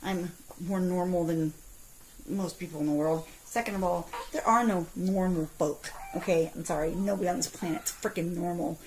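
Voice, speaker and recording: A woman in her forties ranting in a vlog from her parked car, telling her story with indignant, animated outbursts. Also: fairly low pitch, moderate pace, a little hiss or hum, rough recording. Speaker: vlogger.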